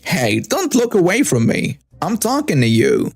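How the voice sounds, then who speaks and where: A man putting on a shrill entitled middle-aged woman. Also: wildly swooping pitch, a little slow, vocal fry, breathy edge, no echo, faint music behind, heavily acted. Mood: threatening. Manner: indignant, demanding.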